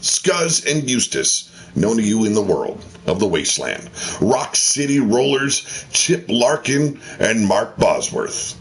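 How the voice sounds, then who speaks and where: A man's voice: lowish voice, huge pitch swings, slow pace. A man hosting a wrestling video game show, in a theatrical ring-announcer delivery with swearing asides. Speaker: host of a wrestling game channel.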